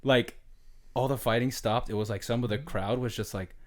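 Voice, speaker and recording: A man co-hosting a podcast, telling a long rambling story in a casual, animated way with lots of fillers. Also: mid-range voice, normal speed. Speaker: podcast co-host, retired pro baseball player.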